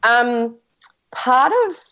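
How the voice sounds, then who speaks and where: A woman's voice: a little high, very slow, fairly bright tone, poor audio. Frank woman telling her story. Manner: frank, storytelling, with many restarts and fillers. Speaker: guest. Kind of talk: casual conversation.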